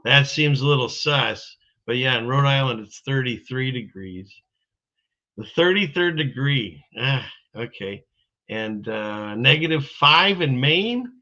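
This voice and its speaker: A man's voice: mid-range voice, animated, measured pace, sharp tone. A man hosting a casual live stream, rambling in a folksy way as he reads out viewer comments. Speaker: streamer host. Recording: dull lo-fi stream audio.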